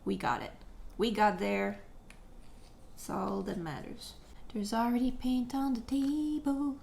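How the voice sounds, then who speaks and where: A woman chatting casually while doing her makeup, telling a story with jokes and animated retelling. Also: on the high side, slow pace, creaky, slight background noise. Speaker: beauty vlogger. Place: at home, living room.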